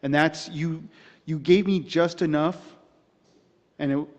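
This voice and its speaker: A man's voice: fairly high pitch, steady tone, slow. A man on a video call giving casual feedback on a story, hesitant and restarting his sentences. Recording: dull lo-fi audio with long reverb.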